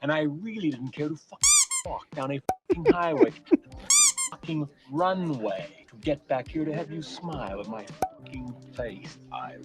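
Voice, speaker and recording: Film scene: a furious profane traveler who rants in slow, dragged-out bursts with a huge pitch range. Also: male voice, wildly swooping pitch, loud music behind the voice. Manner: profane ranting, explosive. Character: furious swearing male traveler, adult.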